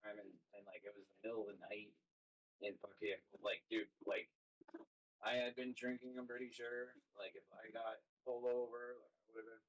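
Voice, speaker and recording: A man's voice: fairly low pitch, fairly even intonation, moderate pace, rough recording. A man in a live stream chat telling a rambling, profane story, full of "like" and "dude". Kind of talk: casual storytelling.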